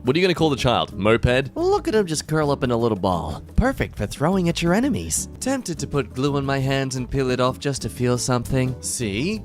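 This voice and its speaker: Deadpan American man reading memes. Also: mid-range voice. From United States. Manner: deadpan with sudden silly voices. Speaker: meme reaction host. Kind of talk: comedic meme commentary.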